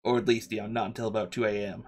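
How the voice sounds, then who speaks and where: A man's voice: on the low side, little pitch movement, very fast, a little mellow, close to an everyday voice. A man voicing a friendly, burly, bearded male subway maintenance worker, who talks in a chatty, rambling, easygoing way. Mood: helpful.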